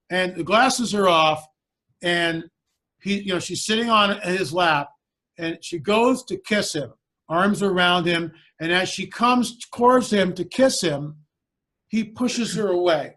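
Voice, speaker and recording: A man with a high speaking voice tells a story as a guest in a conversation. He tells it in an animated way and acts out the quoted lines of the people in it. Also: unhurried.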